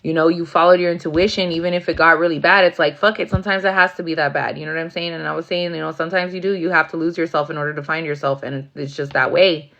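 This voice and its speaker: A woman reads tarot in a loose, casual way, with blunt, profane talk. Her voice sits low for a woman. The sound is muffled and lo-fi. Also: fairly even intonation, quick pace, gravelly, few pauses, fairly bright tone. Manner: profane, blunt, acts out rowdy asides. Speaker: tarot reader. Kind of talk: casual livestream tarot reading.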